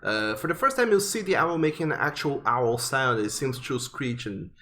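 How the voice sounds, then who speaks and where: A man narrating as game master in a tabletop game, unhurried and with many fillers. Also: mid-range voice, lively intonation, pushed and bright.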